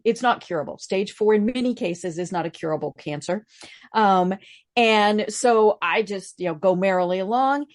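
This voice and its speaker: Chatty older woman, rambling restarts. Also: fairly high pitch. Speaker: podcast guest. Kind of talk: casual interview chat.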